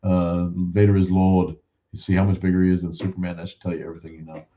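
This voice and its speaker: Deep voiced guy hosting a loose chat stream, swears a lot, cracks jokes, muffled lo-fi audio. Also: little pitch movement, quick pace. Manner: joking, profane, rambling asides. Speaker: show host. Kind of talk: casual livestream chat.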